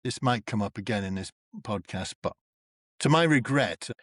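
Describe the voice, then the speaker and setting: A man from North East England, a comedian and actor chatting as a guest and acting out the people in his stories with big leaps in pitch. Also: normal speed, dry recording. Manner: animated storyteller who acts out quoted people with big pitch jumps. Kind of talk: casual chat.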